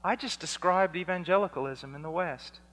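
A man preaching a fiery sermon, dropping to a hush and then rising to shouts as he acts out exchanges. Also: high-pitched, fairly quick. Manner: swings from hushed to shouting, acts out dialogues. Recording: long hall reverb.

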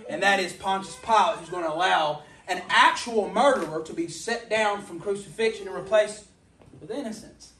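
A man preaching a sermon in a casual, joking way that builds to forceful emphasis, with big swings between loud and very quiet. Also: high voice, moderate pace, a little hiss or hum. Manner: conversational and humorous, rising to forceful emphasis. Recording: echoey room, voice from a distance.

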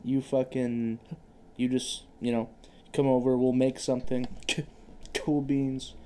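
A man's voice: mid-range voice, level tone, takes it slowly, warm tone, slight background noise. A young man co-hosting a casual podcast chat, laughing often, swearing a lot and stumbling on repeated k- sounds. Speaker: podcast co-host.

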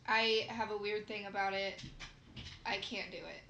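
A woman's voice: medium pitch, flat delivery, measured pace, pushed and bright. A young Midwestern American woman co-hosting a podcast, teasing and swearing in casual chat. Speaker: podcast co-host. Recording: echoey room with clear noise.

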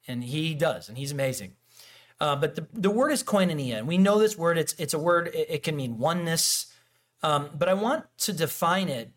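A man preaching a casual, conversational sermon, animated and acting out little quoted exchanges. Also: a little high. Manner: animated, acts out quoted dialogue, frequent restarts and fillers. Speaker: pastor.

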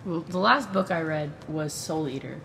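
A young woman co-hosting a podcast in casual chat, playful and giggly, often trailing off into soft mumbles. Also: low voice, moderate pace, gravelly, slight background noise. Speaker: podcast co-host.

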